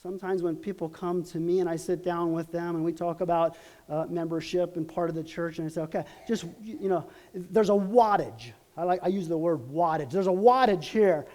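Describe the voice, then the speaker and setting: A middle-aged man preaching a sermon as pastor, telling stories in an earnest, halting way with many restarts. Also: fairly high pitch, mellow.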